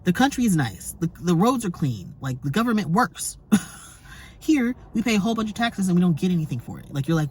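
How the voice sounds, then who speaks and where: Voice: medium pitch, big pitch swings, fast talker, darkish tone, a little hiss or hum. A travel vlogger, talking casually and emphatically to camera, swearing now and then and breaking into short laughs between points.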